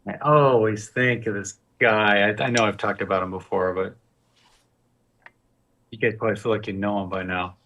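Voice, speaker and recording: A man's voice: on the low side, steady tone, normal speed, fairly bright tone, distant mic, highs cut off. A man teaching a live painting demonstration, talking loosely and joking while he works. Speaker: guest painting instructor.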